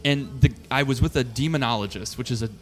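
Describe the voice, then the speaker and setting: A man's voice: mid-range voice, fairly quick. A male comedian telling a rambling story in casual podcast chat, acting out what people said. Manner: rambling, acts out quotes of people. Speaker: guest comedian.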